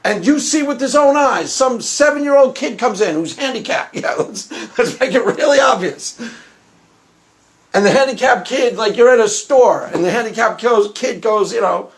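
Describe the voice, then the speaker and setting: A man hosting his own video, arguing a point in an animated monologue and acting out bits of dialogue. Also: extremely high pitch, moderate pace. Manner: animated, acts out quoted dialogue. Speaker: video host. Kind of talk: argumentative monologue.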